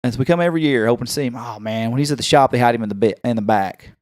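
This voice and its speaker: Man, Tennessee accent, rapid storytelling, dry close sound, animated, acts out quoted voices. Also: medium pitch, no echo. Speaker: podcast host. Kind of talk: casual storytelling chat.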